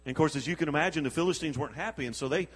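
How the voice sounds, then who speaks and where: Husky preacher in a reverberant hall. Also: male voice, a little high, racing. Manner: animated storytelling with chuckles and acted-out quotes. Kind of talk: sermon.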